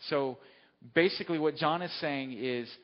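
A man's voice: a little high, normal speed. A man preaching a sermon, telling a story in a conversational way and often checking in with his listeners. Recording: dull lo-fi sound with long hall reverb.

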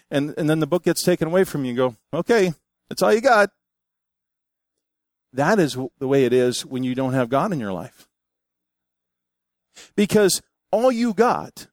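An older man preaching a sermon, telling stories in an animated, folksy way and reading scripture aloud. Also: mid-range voice, no room sound, clean studio sound. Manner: animated storytelling with folksy asides. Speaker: pastor.

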